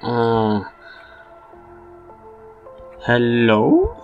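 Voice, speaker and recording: A man talks through a video game with wry, chuckling asides. His voice is at an ordinary middle pitch, and faint game music plays behind him. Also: expressive, moderate pace, pauses often. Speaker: gamer. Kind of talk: casual game commentary.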